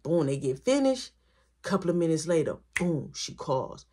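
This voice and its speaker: A woman telling a personal story in a storytime vlog, animated and acting out every voice. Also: sits low, moderate pace, breathy edge.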